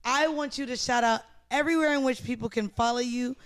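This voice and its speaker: A woman's voice: sits high, a little fast, smooth, no echo, studio quality. A woman hosting a podcast in casual chat, brash and profane with a playful edge. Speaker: podcast host.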